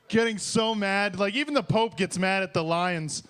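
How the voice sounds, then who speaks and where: A young man from Detroit with a notably high voice works through a stand-up set on a small bar stage. He rambles, swears freely and gets worked up as he riffs. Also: a little slow, clear, resonant tone. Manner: profane, excitable, rambling. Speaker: open mic comedian.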